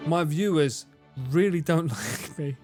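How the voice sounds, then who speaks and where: A man's voice: on the high side, lively intonation, a little slow. Laughing, swearing Essex man in his forties. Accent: Essex English. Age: 40s. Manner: swearing, joking, laughing often. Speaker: streamer. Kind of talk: live game-stream chat. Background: game music.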